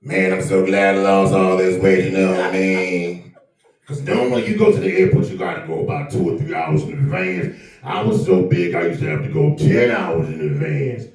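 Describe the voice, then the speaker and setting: A man doing a rumbling, boastful big-guy comic. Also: lively intonation, normal speed, darkish tone, recorded from a distance. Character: heavyset male comedian, boastful, rumbling. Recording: echoey room, mic from afar.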